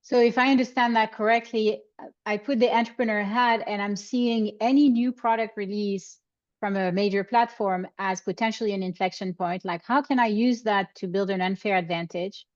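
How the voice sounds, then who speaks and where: A woman's voice: medium pitch, fairly even intonation, normal speed, no echo, highs cut off. A woman hosting a podcast interview, thinking aloud with many restarts as she puts her ideas into words. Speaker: podcast host.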